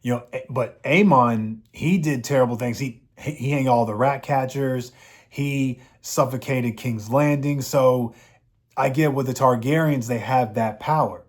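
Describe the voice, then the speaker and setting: A man's voice: medium pitch, a little slow. A man giving a casual, rambling episode recap, with frequent fillers. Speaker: show reviewer.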